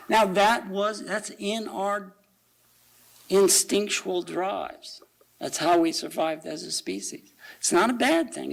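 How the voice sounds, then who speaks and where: A man delivering a sermon in a relaxed, conversational way. His voice sits high for a man and has a gravelly, creaky edge. He often stops to ask his listeners rhetorical questions. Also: low-quality recording. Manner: reads quotations aloud slowly. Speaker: speaker at a church service.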